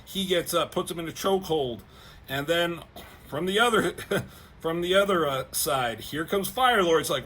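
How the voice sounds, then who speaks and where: A man's voice: a little high, normal speed, a bit bright, slightly rough. A man casually retelling a comic as a reviewer, rambling, with lots of fillers and frequent swearing.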